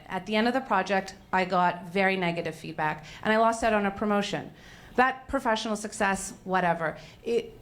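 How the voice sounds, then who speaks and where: Young woman from Canada telling a frank, swearing, self-mocking story about her failures on stage, at a middling pitch. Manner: animated, candid, self-mocking, swears freely. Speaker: speaker at a failure-stories event.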